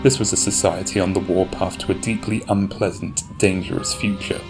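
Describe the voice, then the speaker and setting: A man narrating a fan audio drama in a measured, grave storytelling manner. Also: low-pitched, little pitch movement, vocal fry, over music.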